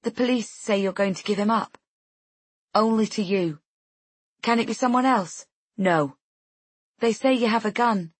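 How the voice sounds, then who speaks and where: A woman's voice: mid-range voice, a little slow, pauses often, breathy edge, no echo, pitched above the performer's own voice. A woman voicing an anxious young mother pleading breathlessly over the phone.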